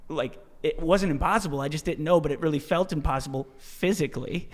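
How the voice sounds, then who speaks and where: A man telling a story as a podcast guest, in a casual, animated way, swearing freely and restarting his sentences often. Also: a little high, fast talker. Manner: animated, profane, many restarts and "dude". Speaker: podcast guest, ultra-marathon runner.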